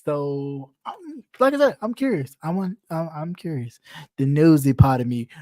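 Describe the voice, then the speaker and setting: Brief: gossip commentator, middle-pitched, blunt and cussing, teasing tone, close dry mic. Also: animated, moderate pace, mellow, dry recording. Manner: blunt, profane and teasing, laughs often. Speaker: online commentator.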